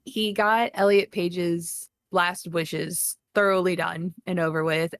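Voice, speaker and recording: A woman co-hosting a casual movie review podcast, excitable and swearing freely, acting out characters with big jumps in her voice. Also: fairly low pitch, gravelly, dry recording, clean studio sound. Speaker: podcast co-host.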